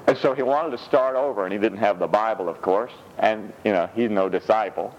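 A man preaching a sermon in a lively, humorous way, laughing often and slipping into high mock voices when he quotes scripture. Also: a little fast, dull audio, slight background noise. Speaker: pastor.

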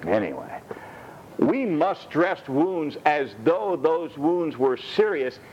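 A man preaching to his congregation as their pastor, telling stories with acted-out voices and then reading scripture with slow emphasis. His voice sits fairly high for a man. The recording sounds dull and lo-fi, with a faint hum of room ambience behind him. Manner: animated storytelling with acted-out doctor and patient voices. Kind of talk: sermon.

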